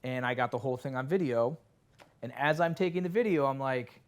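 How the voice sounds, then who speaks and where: A man, a sports reporter and podcast guest, telling a story in a casual, animated way and acting out the lines of the people in it. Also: mid-range voice, fairly quick. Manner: animated, acts out quoted lines.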